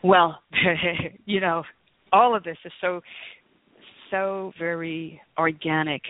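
A guest author in Las Vegas tells personal stories during an interview, her lowish voice steady and slow but earnest and exclamatory. The tinny phone-line recording is dry, with no echo.

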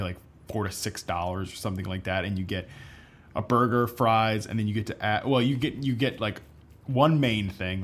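A man co-hosting a podcast in casual chat, telling loose, rambling stories full of fillers. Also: fairly low pitch. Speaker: podcast co-host.

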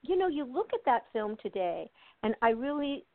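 With a fairly high pitch and big swings in intonation, an older American actress talks at normal speed as a guest in a laid-back interview. The phone line is tinny and dry with no room sound, and she laughs often, using many fillers and restarts.

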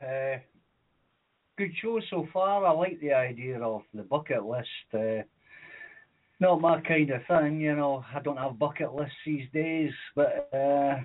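A man's voice: a little high, measured pace. A man phoning in to a radio show, telling a rambling story with lots of fillers and chuckles. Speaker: caller. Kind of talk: casual call-in storytelling. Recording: tinny phone-like line.

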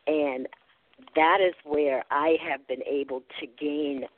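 A woman calling in to a faith talk show, speaking earnestly, pausing often and restarting her sentences. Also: deep voice, steady tone. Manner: earnest, halting, with frequent fillers and restarts. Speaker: caller. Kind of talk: phone-in talk about faith. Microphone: phone. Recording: tinny phone line.

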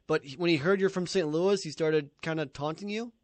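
A man hosting a casual sports radio talk show, brisk and joking with his guest. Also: a little high, no echo. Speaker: radio host.

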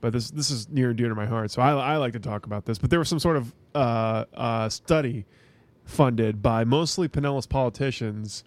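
A man's voice: mid-range voice, a little fast, few pauses, no room sound. Rambling young man, dry close sound. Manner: rambling, restarts often, swears casually. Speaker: podcast co-host. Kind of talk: casual chat.

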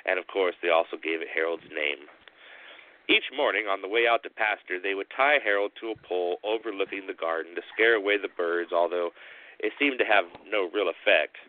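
A man with a low voice narrates a spooky tale, pausing slowly and dramatically between phrases. The sound is thin and narrow, like a phone line. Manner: slow, dramatic pauses. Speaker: storyteller host.

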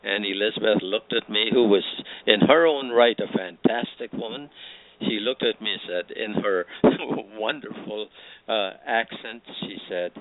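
An older man from Guyana, a guest author, telling anecdotes with gentle humor in casual conversation. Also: lowish voice, a little slow, slight background noise. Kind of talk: casual chat. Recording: dry, tinny phone line.

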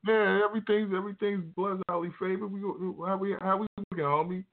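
A man's voice: sits high, steady tone, fast talker, crowd noise. A man hosting a casual live radio show, talking in laid-back street slang with lots of fillers. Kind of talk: casual talk radio chat. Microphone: Facebook live stream. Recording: tinny phone-like line.

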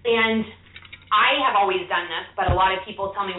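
Chatty young mom co-host. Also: female voice, mid-range voice, steady tone, a little fast, a little hiss or hum. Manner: chatty, sharing parenting tips. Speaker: show co-host. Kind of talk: casual radio chat. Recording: tinny phone-like line, echoey.

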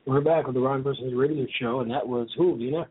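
A man's voice: medium pitch, fairly even intonation, rapid-fire, breathy edge. A man hosting a radio show in casual chat, loose and teasing, with lots of fillers. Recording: tinny phone-line audio.

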